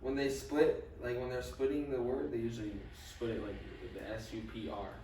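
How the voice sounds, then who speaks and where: A man's voice: mid-range voice, moderate pace, mellow. A man in casual banter with friends, laid-back, dry and teasing. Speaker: vlogger's companion. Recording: echoey and distant with faint noise.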